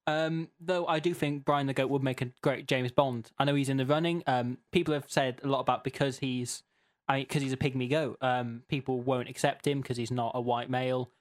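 A man's voice: medium pitch, fairly even intonation, brisk. Hesitant man hosting a comedy podcast. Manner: hesitant, filler-heavy, mock-serious. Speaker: podcast co-host.

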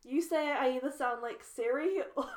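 A woman's voice: sits high, moderate pace. An English woman co-hosting a podcast, chatting casually and joking, often slipping into silly mock accents. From Britain. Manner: jokey, slips into mock accents. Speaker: podcast co-host. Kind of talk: casual chat.

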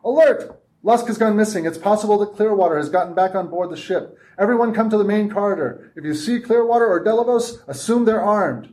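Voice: mid-range voice, fairly quick, darkish tone, voice pushed up, natural voice, low-quality recording. A man reading aloud and voicing a hijacker who makes commanding announcements over a ship's speakers.

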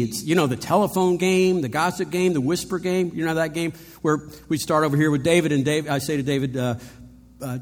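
A man's voice: a little high, fairly quick. A man preaching a sermon in a conversational way, asking rhetorical questions and adding playful asides. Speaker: pastor. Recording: long reverb of a large hall.

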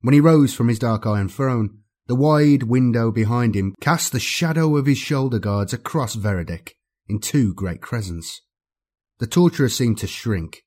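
A man narrating an audiobook with a dramatic, expressive reading. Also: lowish voice.

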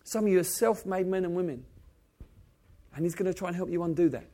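High-voiced preacher man, loud then hushed. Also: quick pace. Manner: swings from loud exclamation to soft intimate low tones; asks the congregation direct questions. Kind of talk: sermon.

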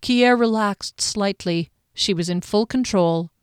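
Woman audiobook narrator, measured fantasy reading, smooth resonant voice, dry studio sound. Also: mid-range voice, no room sound.

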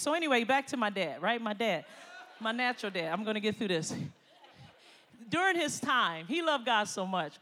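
A middle-aged woman preaching a sermon, moving between quiet personal stories and loud exhortation. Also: mid-range voice, moderate pace. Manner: animated, swings from quiet storytelling to loud exhortation, laughs often. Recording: long hall reverb.

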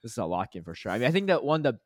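A man's voice: medium pitch, very animated, very fast, no echo. Man co-hosting a podcast, dry close sound. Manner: friendly, reflective, gives encouraging feedback. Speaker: podcast co-host. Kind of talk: casual podcast chat.

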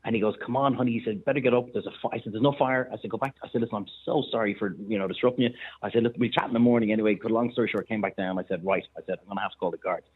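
An Irish man, a chef and restaurateur, telling animated anecdotes in casual chat. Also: on the low side, husky. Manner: animated anecdotes, quick bursts of laughter. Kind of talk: casual storytelling on a phone-in. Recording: tinny phone line.

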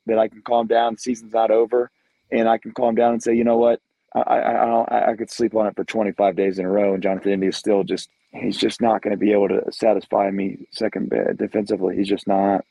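Heated male podcast co-host, gravelly and husky, dry close sound. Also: medium pitch, dark tone, no room sound, poor audio. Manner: blunt, emphatic, repetitive. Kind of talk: heated sports podcast rant.

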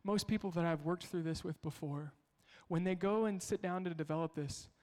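Pastor, male, fairly high voice, storytelling sermon with rhetorical questions, echoing in a big hall. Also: normal speed, darkish tone. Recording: long hall reverb.

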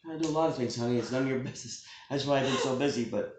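A man's voice: medium pitch, rapid-fire. Man spinning a rambling joke story. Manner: rambling, deadpan storytelling with profanity. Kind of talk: joking casual chat. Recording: echoey room.

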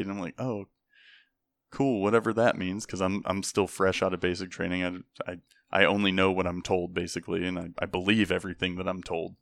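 A man's voice: deep voice, a little fast, vocal fry, no echo. A young man, an army veteran, telling stories casually and acting out the people he quotes, with frequent swearing. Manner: animated, acts out the people he quotes, swears often. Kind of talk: casual storytelling.

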